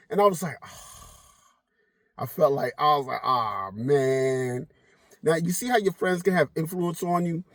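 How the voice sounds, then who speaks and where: A middle-aged man telling a casual story to camera, animated and swearing freely, slipping into the voices of people in his story. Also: fairly high pitch, unhurried, no room sound, clean studio sound. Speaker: vlogger.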